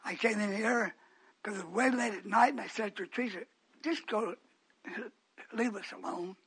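A preacher man tells a long story in his sermon. His voice is bright and edgy, with a husky grain. He drops to quiet asides, then bursts into loud shouts. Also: high voice, normal speed.

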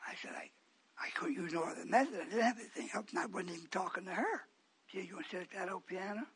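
A man, likely older, preaching a storytelling sermon, swinging from quiet asides to shouted outbursts. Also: sits high, fast talker, husky.

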